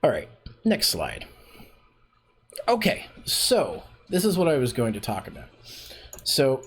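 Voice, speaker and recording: Lively-voiced man teaching on stream. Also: medium pitch, a little hiss or hum. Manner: rambling, filler-heavy, restarts often. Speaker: voice acting workshop host. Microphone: desk streaming mic.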